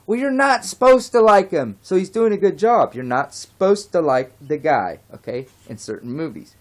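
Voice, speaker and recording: A man vlogging an unscripted rant, his voice sitting a little higher than most men's. He talks heatedly, rambles, drifts off topic and throws in the odd curse before apologizing. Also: expressive, normal speed. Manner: rambling, heated, goes off track; swears and apologizes.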